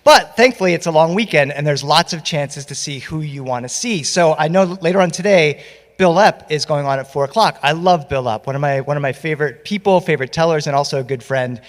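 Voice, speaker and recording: A man performing stories live on a festival stage, playful and animated, speaking into a stage microphone. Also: on the high side, fairly quick, big-room sound. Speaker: storyteller. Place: festival stage before an audience.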